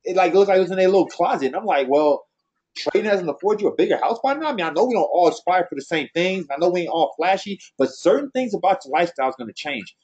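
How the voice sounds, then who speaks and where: A man with a slightly high, husky voice talks fast and bluntly to his team, full of slang and conviction. The recording sounds dull and lo-fi. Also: lively intonation, a little mellow. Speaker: team trainer. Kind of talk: motivational team talk.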